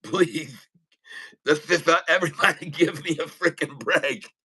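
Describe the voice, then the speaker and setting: A man with a noticeable lisp talks casually on a live trading stream, rambling and joking with frequent laughs. His voice sits a bit high and sounds very bright and forceful. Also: unhurried, slightly rough, rough recording. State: lisping. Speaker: day trader livestreaming.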